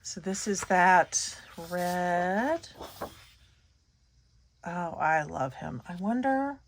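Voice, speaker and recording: A woman's voice: lowish voice, extremely slow, gravelly, slight background noise. A middle-aged woman, chatting casually as she shows scrapbook paper, gushing and trailing off mid-sentence. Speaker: scrapbooking channel host. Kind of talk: casual show-and-tell chat.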